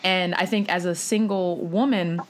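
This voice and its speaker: A woman hosts a podcast with a low voice, heaping praise on her guests. She stops and restarts as she gushes. Her talk stays casual. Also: steady tone. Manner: effusive, warm praise with halting restarts. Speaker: podcast host.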